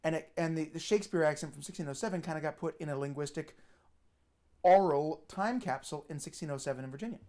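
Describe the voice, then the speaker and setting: A woman's voice: sits low, quick pace, mellow. A woman co-hosting a casual beer podcast, explaining a theory at length in a chatty lecturing way. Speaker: podcast co-host. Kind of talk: casual chat over beer.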